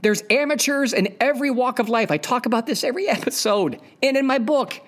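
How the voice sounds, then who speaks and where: A man's voice: very high voice, fairly quick, a bit bright. A man hosting a podcast, delivering a blunt, profane, opinionated monologue with emphatic repetition of his points. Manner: emphatic, repeats key points. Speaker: podcast host.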